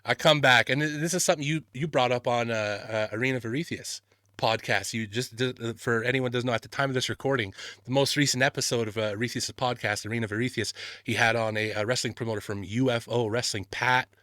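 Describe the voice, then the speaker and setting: A man hosting a podcast, telling stories in casual chat, animated, swearing a lot and laughing often. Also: mid-range voice, quick pace, dry recording, clean studio sound. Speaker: podcast host.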